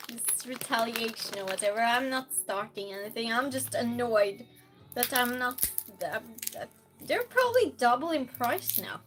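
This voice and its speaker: A woman's voice: a little high, expressive, moderate pace, over music. A woman hosting a live-stream game night, chatting casually, reading chat aloud and playfully scolding and thanking donors.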